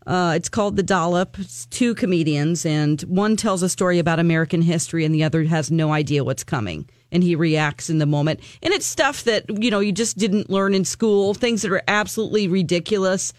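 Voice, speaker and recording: A woman co-hosting a podcast, telling a personal story in a casual, animated way, acting out quotes and laughing often. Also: lowish voice, a little fast, dry recording, studio quality. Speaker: podcast co-host.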